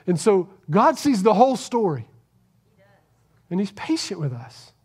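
A man preaching a sermon to a church congregation, earnest, swinging between loud emphasis and hushed, near-whispered lines. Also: high-pitched, big pitch swings, unhurried, breathy edge. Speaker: pastor.

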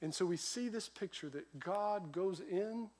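High-voiced man preaching a sermon. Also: unhurried. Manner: lively storytelling, voice rising and dropping sharply. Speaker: pastor.

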